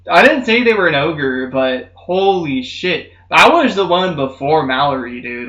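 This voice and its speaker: A man's voice: animated, unhurried, hardly any pauses. Profane young man rambling "dude"-heavy stories. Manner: does loud high-pitched mocking voices in stories. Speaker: streamer. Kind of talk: casual storytelling chat. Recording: roomy, slightly muffled stream audio.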